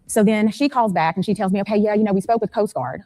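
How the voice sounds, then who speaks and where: A mother telling her story in an interview, retelling events rapidly and anxiously and acting out phone calls. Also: mid-range voice, mellow, dry recording.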